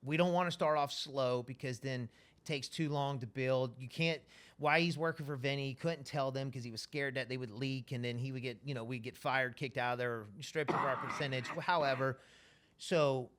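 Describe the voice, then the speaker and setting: A man spinning a yarn as a podcast guest, mid-pitched and loose, swearing freely and slipping into the voices of the people in his tale. His delivery is animated and conversational. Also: moderate pace, slight background noise. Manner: profane, animated, acts out quoted dialogue. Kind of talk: casual storytelling.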